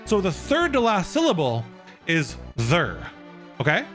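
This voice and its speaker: A man's voice: on the high side, huge pitch swings, a little slow, fairly bright tone, faint music behind. A young man streaming live, casually explaining a topic and answering his viewers' chat.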